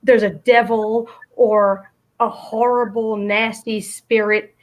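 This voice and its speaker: A woman with a slightly high voice hosting a talk show. She asks pointed, probing questions and drops in frequent short agreeing sounds while her guest speaks. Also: level tone, slow pace. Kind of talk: casual interview talk.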